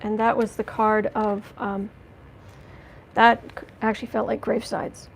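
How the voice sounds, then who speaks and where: A woman giving a livestreamed tarot reading, talking indignantly and emphatically with halting restarts as she greets chat. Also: medium pitch, flat delivery, creaky, slight background noise, rough recording. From United States. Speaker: tarot reader.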